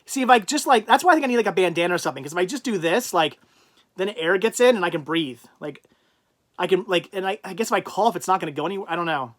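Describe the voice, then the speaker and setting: A man hosting a casual livestream, rambling and thinking out loud as he reads out and answers viewers' chat comments. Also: high voice, lively intonation, quick pace. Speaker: livestream host.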